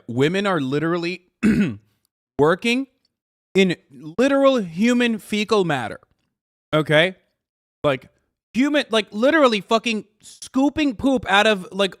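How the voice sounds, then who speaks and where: A man hosting a live stream, reacting in casual commentary, animated and exasperated, swearing heavily. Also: high voice, no echo, clean studio sound. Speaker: streamer host.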